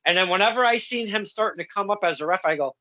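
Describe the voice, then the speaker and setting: A man hosting a casual podcast chat, laughing often and talking in a relaxed way. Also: sits high, quick pace. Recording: dull, dry muffled recording.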